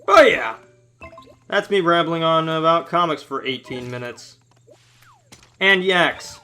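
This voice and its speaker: Give me a man with a bright, sharp voice doing animated let's-play commentary, ranting as he goes. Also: a little high, takes it slowly, soft background music. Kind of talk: casual rambling commentary while playing a game.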